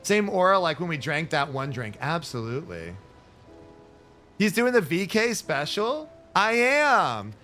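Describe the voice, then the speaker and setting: A male game streamer chatting casually, excitable and jokey as he reacts to the game. His voice is fairly high for a man and bounces all over in pitch. Faint music plays behind him. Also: unhurried. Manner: excitable, jokey running commentary. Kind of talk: casual gaming stream chat.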